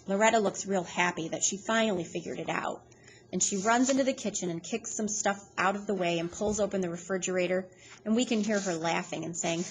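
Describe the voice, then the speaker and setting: A woman reading a novel aloud in a steady, plain storytelling manner. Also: medium pitch, fairly quick, slight background noise. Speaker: reader.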